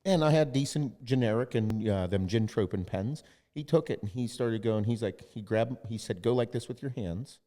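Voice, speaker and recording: A man's voice: medium pitch, moderate pace, warm tone, long reverb tail. A man hosting a podcast, telling a story in casual chat and quoting others, with lots of swearing. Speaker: podcast host.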